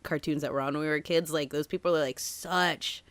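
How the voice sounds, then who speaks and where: A woman from Massachusetts co-hosting a podcast, chatting in a lively way, laughing often and saying "like" a lot. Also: deep voice, fairly quick, no echo. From Massachusetts, USA. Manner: animated, laughing, lots of "like". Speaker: podcast co-host. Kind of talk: casual chat.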